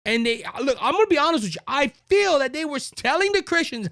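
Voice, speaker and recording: Cajun-accented male show host, high bright voice, slow emphatic monologue with repeats and restarts. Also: big pitch swings, no echo, clean studio sound. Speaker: podcast host. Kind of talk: opinion monologue.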